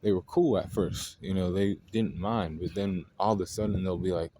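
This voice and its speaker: A man with a fairly low voice delivers a casual, exasperated rant, full of blunt profanity. He sounds fed up as he talks it through. The recording carries a steady hiss of background noise. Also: moderate pace, few pauses. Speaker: astrology video host. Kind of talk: casual ranting monologue. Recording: noisy home recording.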